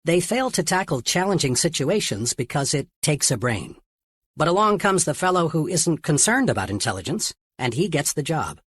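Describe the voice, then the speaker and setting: A man reading a self-help audiobook in a steady, earnest narration. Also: a little high, moderate pace, breathy edge, no room sound.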